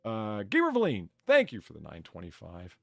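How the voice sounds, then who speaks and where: Lively dry-voiced male host. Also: on the low side, moderate pace, gravelly, dry recording, faint music behind. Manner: animated storyteller, laughs often. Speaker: streamer bartender host. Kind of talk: casual chat.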